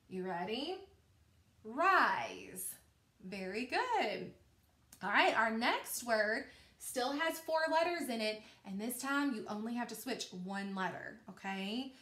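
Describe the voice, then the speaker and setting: A woman teaching a recorded phonics lesson to young children, slow and encouraging, stretching out each sound. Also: on the high side, a bit bright, echoey room.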